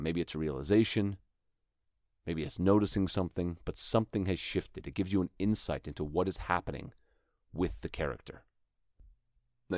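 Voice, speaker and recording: Deep-voiced man teaching acting. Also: darkish tone, no room sound, clean studio sound. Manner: earnest, explains with rhythmic examples. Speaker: acting teacher and podcast host. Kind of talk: instructional talk.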